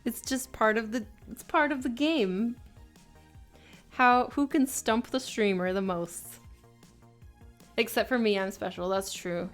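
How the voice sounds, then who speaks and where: A woman's voice: a little high, a little slow, pauses often, faint music behind. A woman streaming live as she draws, chatting casually with her viewers, laughing often and joking at her own expense. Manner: chatty, self-mocking, laughs often, drops to mutters. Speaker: art streamer. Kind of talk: casual live-stream chat while drawing.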